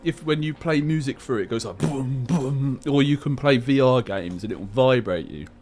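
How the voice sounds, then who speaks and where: A man's voice: medium pitch, a little fast, a little mellow. A man hosting a livestream, chatting casually and bluntly, laughing easily and swearing now and then. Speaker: livestream host. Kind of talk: casual chat. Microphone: headset.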